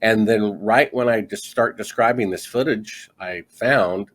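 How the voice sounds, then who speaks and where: A man's voice: on the low side, measured pace, a bit bright. A middle-aged man, a guest author in a conversational interview, telling his story with energy and acting out the dialogue he quotes.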